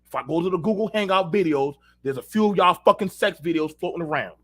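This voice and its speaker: Guy hosting a talk show, ranting with lots of cussing, voice sits up high and cuts through. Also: animated, fast, fairly bright tone. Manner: profane, heated storytelling; addresses listeners directly. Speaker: show host. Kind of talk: unfiltered casual rant.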